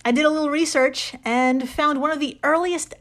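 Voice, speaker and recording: A woman's voice: sits high, fairly even intonation, moderate pace, a bit bright. Laughing woman co-host, casual swearing. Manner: laughing, swears casually, presents researched facts. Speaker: podcast co-host. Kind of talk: casual chat.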